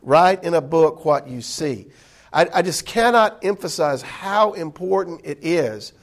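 A man teaching a Bible study class in an indoor room, talking conversationally with many fillers and restarts. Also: on the high side.

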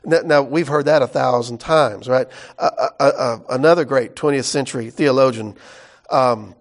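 A male pastor giving a conversational sermon in a folksy, animated way, with exclamations and asides. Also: medium pitch, moderate pace.

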